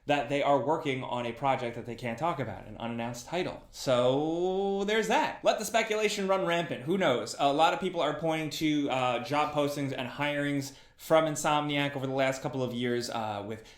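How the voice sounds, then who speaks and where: Upbeat gaming news host, roomy sound. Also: male voice, medium pitch, fairly quick, hardly any pauses. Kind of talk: news roundup. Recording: roomy clip played in a reaction video.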